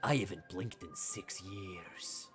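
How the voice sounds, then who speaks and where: A man voicing a gruff giant Goliath man who speaks in a slow, low drawl. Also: expressive, soft background music. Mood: deadpan. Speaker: game master.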